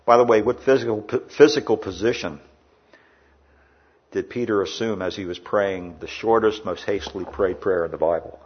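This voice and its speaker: A man preaching a sermon in a church, rising loud in the story and dropping quiet for asides. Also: fairly low pitch, normal speed, slightly rough, muffled recording. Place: indoor air-conditioned church.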